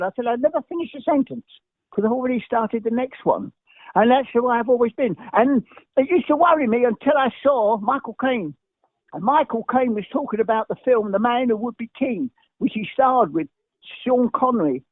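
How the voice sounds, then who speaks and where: Older english guy talking super fast, keeps restarting, kinda high voice, dry phone-ish sound. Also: lively intonation, no room sound. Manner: talks very fast, jumps between stories, stumbles and restarts. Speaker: guest. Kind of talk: animated anecdotal storytelling. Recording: dry, tinny phone-like line.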